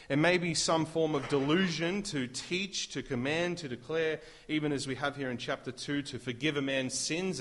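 Man preaching, emphatic, rhetorical questions, mid-pitched voice. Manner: emphatic, rising to loud declarations, with rhetorical questions. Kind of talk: sermon.

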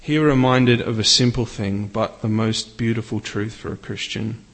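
A man's voice: on the low side, steady tone, moderate pace, a bit bright. Guy preaching a sermon, earnest, voice goes up on the bible bits. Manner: earnest, rises for scripture readings.

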